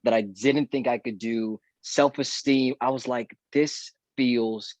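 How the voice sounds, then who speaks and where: A man's voice: mid-range voice, steady tone, normal speed, dry recording. A man who is a guest actor, telling a story in a casual podcast chat and acting out the dialogue he remembers. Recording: dull, dry lo-fi audio.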